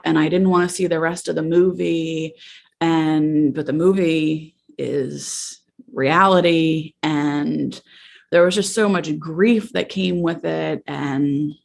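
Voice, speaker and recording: A woman in her thirties hosts a podcast in a low voice with a gravelly edge. She talks candidly and reflectively, halting often with fillers as she gathers her thoughts. Her tone is personal and unscripted. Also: steady tone. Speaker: podcast host and therapist.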